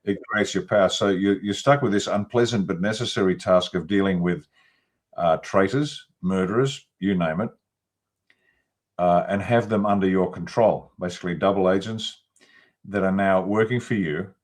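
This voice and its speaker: A deep-voiced man from Australia, a retired army officer guesting on a podcast. He speaks in a measured, analytical way. His pitch sits well below that of most men. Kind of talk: casual conversational interview.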